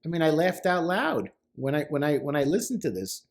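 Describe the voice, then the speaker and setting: A man's voice: on the high side, expressive, fairly quick, a little mellow. A middle-aged man, a therapist, talking casually about song lyrics, stressing points by repeating words. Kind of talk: casual commentary.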